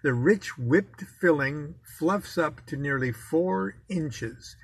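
A man's voice: a little high, gravelly, slightly rough. A man reading aloud from his own memoir, telling the story in a wry, self-mocking way.

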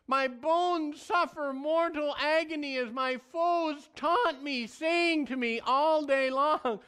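A male pastor voicing a discouraged, complaining psalm-writer in a plaintive, slow, slightly raised voice. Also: very high voice, pushed and bright, pitched above the performer's own voice, heavily acted. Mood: anguished.

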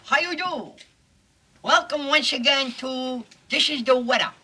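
A man's voice: very high-pitched, a little slow, bright, forceful tone, full character voice, low-quality recording. A man in a 1950s film comedy putting on a bumbling male TV weatherman who rambles in muddled, folksy patter. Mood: rambling.

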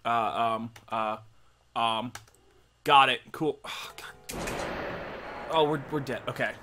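A man's voice: medium pitch, takes it slowly, background noise. A young man playing a horror game and trading crude jokes with his friend, swearing as he reacts. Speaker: gaming co-host. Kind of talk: casual gaming banter.

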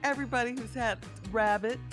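A woman's voice: fairly high pitch, fairly even intonation, a little fast, soft background music. A woman co-hosting a morning radio show, playful and asking questions in studio banter. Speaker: radio co-host.

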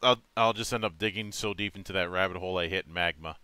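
A man's voice: low voice, fast, pushed and bright. A man hosting a casual online interview, jovial and theatrical, laughing often. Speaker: host.

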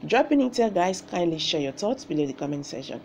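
A woman's voice: fairly low pitch, sing-song, fairly quick, creaky, darkish tone, a little hiss or hum. A woman with a Nigerian accent, hosting a channel and delivering emphatic political commentary to camera, repeating phrases and slipping into Pidgin. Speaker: channel host.

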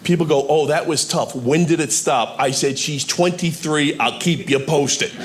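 A man performing a stand-up set, telling stories deadpan with punchlines, recorded live. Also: on the high side, moderate pace. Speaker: stand-up comedian. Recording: live club with ambient noise.

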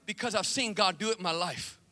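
A man preaching an animated church sermon, with shouted refrains and casual, chatty asides. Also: high voice, a little fast, big-room sound. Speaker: pastor. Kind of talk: energetic sermon.

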